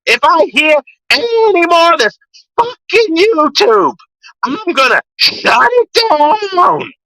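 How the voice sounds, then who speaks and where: A man putting on a mocking impression of another man, yelling furiously that he has had enough. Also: sing-song, slow, no room sound, heavily acted, rough recording. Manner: high strained yelling, mocking. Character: furious shouting young man, fed up.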